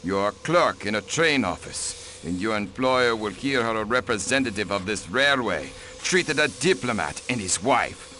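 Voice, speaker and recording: A man's voice: on the low side, animated, moderate pace, few pauses, pushed and bright, a little hiss or hum. A man voicing a haughty, protective aristocratic diplomat in a mystery game. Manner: haughty, clipped and dismissive. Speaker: count and diplomat. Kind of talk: video game voice acting.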